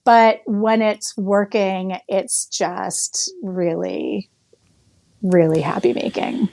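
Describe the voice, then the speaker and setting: Slow-talking woman with a Boston accent. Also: medium pitch, steady tone, vocal fry, slight background noise. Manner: laughs easily, warm and chatty with many restarts. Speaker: literary agent. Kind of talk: casual interview chat.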